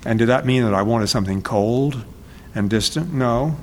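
A man being interviewed as an author, speaking in a halting, reflective way and often searching for words. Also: lowish voice, a little hiss or hum.

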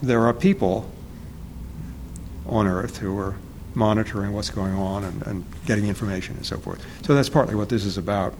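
Author interviewee, male, lowish voice, thoughtful and halting, faint background noise. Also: darkish tone. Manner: halting, searching for words, self-correcting. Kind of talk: reflective interview talk.

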